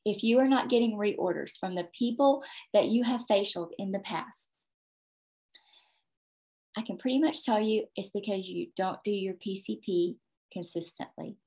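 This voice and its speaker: A woman's voice: medium pitch, moderate pace, darkish tone. Brief: emphatic woman team leader, motivational training talk, video-call sound. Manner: emphatic, repeats points, tags "okay?".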